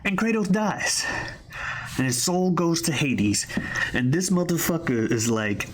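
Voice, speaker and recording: A man hosting a podcast, retelling a game's story in a loose, cursing, animated way. His pitch jumps around as he gets worked up, then settles low again. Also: slow pace, a little hiss or hum. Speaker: podcast host. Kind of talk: casual game recap.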